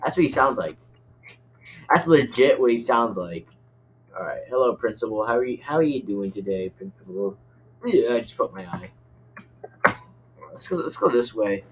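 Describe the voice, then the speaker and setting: A young man giving excitable game commentary, rambling and yelping in panic. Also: mid-range voice, normal speed, long pauses, a little hiss or hum. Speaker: gaming YouTuber.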